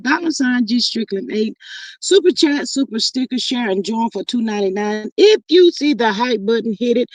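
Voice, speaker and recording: Woman, stream host; high, dry, close-miked, lively chat. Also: dry recording. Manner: chatty, animated, Southern-style slang. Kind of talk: casual live stream chat reading comments.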